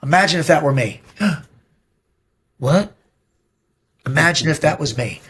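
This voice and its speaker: A middle-aged man speaks as a podcast guest, blunt and emphatic, with plenty of swearing. He tells stories in a direct, forceful way. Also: on the high side, animated, moderate pace, breathy edge. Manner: blunt, profane, emphatic storytelling. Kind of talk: casual interview talk.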